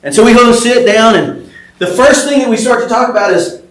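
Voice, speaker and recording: A man's voice: very high-pitched, brisk. Conversational middle-aged male pastor, echoey sanctuary. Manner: conversational, frequent fillers and restarts. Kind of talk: sermon with personal story. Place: church sanctuary.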